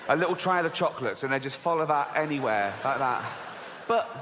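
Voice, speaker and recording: A middle-aged man doing a stand-up comedy routine on stage, animated and laughing at his own jokes. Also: fairly high pitch, a little fast, noisy background. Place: large theater stage with a live audience. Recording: live hall recording with long reverb.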